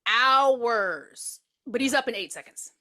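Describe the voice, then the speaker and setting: A woman's voice: a little high, very animated, fairly quick, sharp tone. A woman co-hosting a podcast, chatting and laughing as she retells a movie scene with asides. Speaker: podcast co-host. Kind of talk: casual chat recapping a movie.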